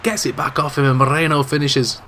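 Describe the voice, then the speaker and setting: A man with a dry, slightly coughy throat giving play-by-play commentary on a football video game. His call is mostly low-key and jumps into excited shouts at goal chances. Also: fairly quick, a little hiss or hum. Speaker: gaming channel host.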